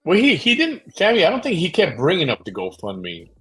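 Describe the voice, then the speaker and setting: A man hosting a late-night talk show, chatting casually in a rambling way with many fillers and pauses. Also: on the high side, wildly swooping pitch, bright, forceful tone, husky, soft background music, low-quality recording. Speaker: podcast host.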